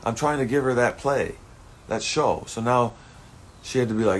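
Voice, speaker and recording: A man's voice: mid-range voice, normal speed, a little hiss or hum. A man talking through a rambling personal monologue, swearing often and turning heated and emotional at times.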